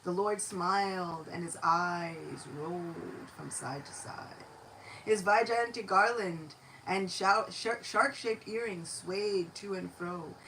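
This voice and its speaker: A woman giving a devotional lecture, telling a sacred story in an expressive, animated way. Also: on the low side, slow, a little hiss or hum, poor audio.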